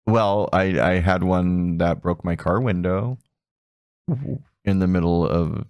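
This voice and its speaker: A man's voice: low voice, slow, clear, resonant tone, no echo, highs cut off. A man co-hosting a podcast in casual chat, joking and laughing often. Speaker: podcast co-host.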